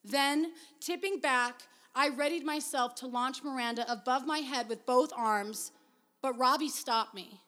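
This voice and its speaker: High-voiced woman reading a story aloud. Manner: measured, expressive storytelling. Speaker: reader.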